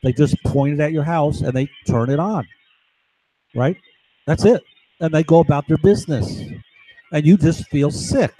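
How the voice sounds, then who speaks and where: A man's voice: on the high side, moderate pace, long pauses, warm tone, no echo, rough recording. A man talking in an agitated, rambling monologue from home, with lots of restarts and asides. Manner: agitated, digressive, many restarts and "right?" tags. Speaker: vlogger.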